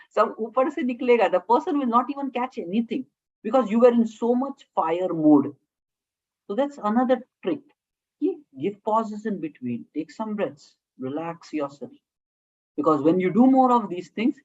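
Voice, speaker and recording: This dull-sounding recording captures a woman teaching communication skills in a classroom, her medium-pitched voice a little mellow and her accent Indian English. Her phrases are short, she keeps asking "okay?", and Hindi words slip into her English.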